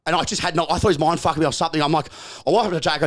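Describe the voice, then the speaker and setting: A man's voice: a little high, fairly bright tone. A man with an Australian accent, a podcast guest telling stories in casual chat, swearing often, with emphatic restarts and repeated phrases. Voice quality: profane, emphatic storytelling. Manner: repetitive restarts and rapid bursts.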